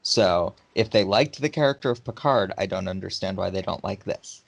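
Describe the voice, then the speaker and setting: A man with a low, gravelly voice chats casually. He speaks hesitantly and pauses on fillers while he works out his thoughts. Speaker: podcast co-host. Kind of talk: casual chat.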